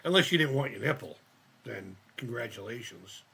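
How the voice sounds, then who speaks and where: A man's voice: medium pitch, animated, moderate pace, vocal fry, pushed and bright, husky. A man live-streaming as he builds a model kit, rambling and thinking aloud, swearing often and laughing at himself. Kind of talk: casual live-stream chat while crafting.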